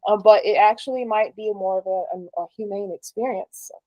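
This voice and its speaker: Woman, middle pitch, casual interviewer, curious and chatty, hedging questions, dry close recording. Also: brisk, darkish tone, no room sound, low-quality recording.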